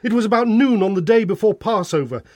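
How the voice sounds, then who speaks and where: A man reads a Bible passage aloud in a clear, expressive narration. His voice sits a little high, and the recording is dry and close. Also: fast talker, no room sound.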